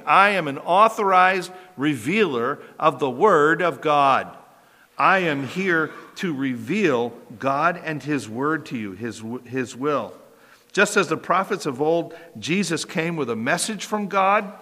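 Guy preaching in a big echoey church, kinda high and bright, reads verses out loud. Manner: animated preaching, reading scripture aloud to a congregation. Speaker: pastor. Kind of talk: sermon. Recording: echoey hall.

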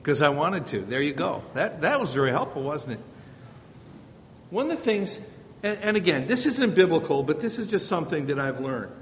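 Lively man teaching in an echoing hall. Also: moderate pace. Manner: conversational, repeats rhetorical questions. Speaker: Bible teacher on parenting. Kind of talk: informal teaching talk. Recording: reverberant hall with faint rumble.

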